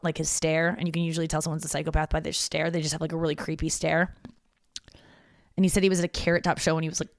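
A woman's voice: low voice, no echo, clean studio sound. A woman hosting her podcast, talking alone in a loose, candid, yawning ramble with plenty of swearing. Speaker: podcast host. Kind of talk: casual solo monologue.

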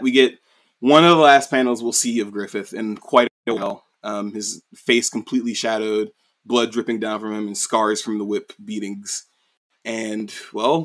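A man's voice: on the low side, a bit bright. Rambling male podcast co-host. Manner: rambling, heavy use of "you know" and "like". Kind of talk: casual recap of a story.

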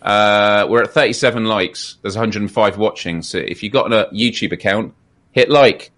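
A man's voice: on the low side, moderate pace, fairly bright tone. A man co-hosting a live gaming podcast, chatting casually, asking questions and often restarting his sentences. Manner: hesitant, restarts a lot, asks clarifying questions. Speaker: podcast co-host. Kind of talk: casual live-stream chat.

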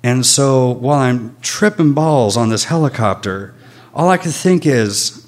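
A man telling a personal story on stage before an audience, in a candid, animated way with a lot of swearing. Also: mid-range voice, measured pace.

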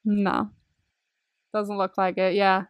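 A woman's voice: medium pitch, level tone, slow, clear, resonant tone, no echo. A woman co-hosting a podcast, casually recapping a favorite film with lots of enthusiasm, laughter and the odd swear word. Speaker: podcast co-host. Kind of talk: casual movie recap chat.

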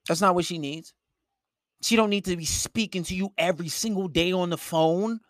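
High-voiced guy ranting dating advice, swears a lot, dry sound. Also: moderate pace, dry recording. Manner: profane, blunt, lecturing. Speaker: relationship advice host. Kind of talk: blunt advice monologue.

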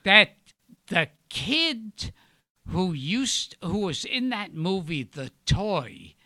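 Older man with a piercing, bright voice. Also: high voice, big pitch swings. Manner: halting, repeats words, tells anecdotes. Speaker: guest. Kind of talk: casual storytelling chat.

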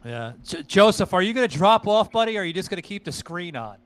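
A man's voice: high-pitched, sing-song, fast, a bit bright. A man co-hosting a podcast, telling a long story in crude casual chat, full of fillers and swearing. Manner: rambling storyteller, heavy swearing, many fillers. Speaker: podcast co-host.

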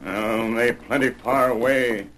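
An actor playing a grave scout companion who speaks slow, broken English in an old radio western. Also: male voice, medium pitch, steady tone, fairly bright tone, a little hiss or hum. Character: grave Native American scout companion, adult man.

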